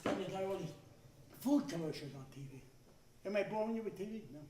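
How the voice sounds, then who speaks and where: A man in his sixties doing a stand-up comedy routine, talking loudly with stammering restarts and shouted punchlines. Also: high voice, animated, fast talker, noisy background. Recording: echoey room, voice from some distance.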